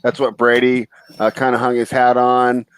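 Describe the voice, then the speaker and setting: A man from Northern California hosting a casual sports betting chat, easygoing and quick to laugh. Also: mid-range voice, monotone, smooth, dry recording. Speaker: sports betting show host. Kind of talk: casual live game chat.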